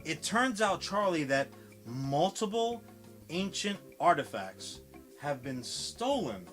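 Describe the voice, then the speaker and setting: A man's voice: a little high, big pitch swings, takes it slowly, fairly bright tone, faint music behind. A man casually recapping a film on a podcast, swearing often and acting out the characters' lines. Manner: profane, rambling storytelling with acted quotes. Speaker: podcast co-host.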